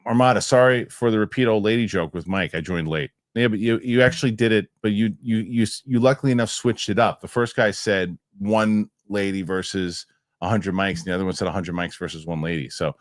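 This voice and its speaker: A man's voice: on the low side, steady tone, brisk, no room sound, studio quality. A man hosting a casual live show, rambling loosely and reading viewer comments aloud. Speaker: host.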